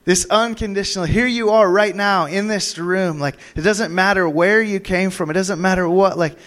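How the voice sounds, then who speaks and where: High-voiced young preacher, rambling and whooping. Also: male voice, moderate pace, hardly any pauses, a bit bright. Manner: rambling, laughing, with many fillers and sudden high whoops. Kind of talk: charismatic sermon. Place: church meeting room.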